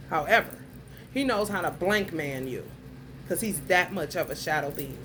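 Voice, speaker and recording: A woman's voice: on the low side, expressive, normal speed, a bit bright, a little hiss or hum. A woman giving a casual monologue to her viewers, telling a story bluntly and heatedly, with plenty of profanity. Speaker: vlogger.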